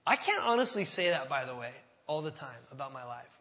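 A man's voice: a little high, big pitch swings, a little fast, bright, forceful tone, big-room sound. A man preaching a sermon, talking in a conversational way and asking the congregation questions. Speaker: pastor.

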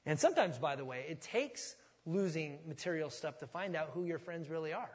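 A pastor delivers an expository sermon in a conversational, folksy style, his slightly high, somewhat mellow voice animated and fairly quick. He often restarts words as he thinks aloud, and a large hall's long reverb trails behind him.

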